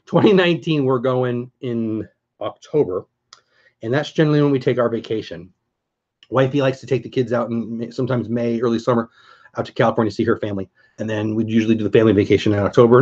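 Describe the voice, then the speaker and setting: A man's voice: medium pitch, a little mellow, highs cut off. A man hosting a casual livestream, chatting enthusiastically and greeting viewers by name as he talks.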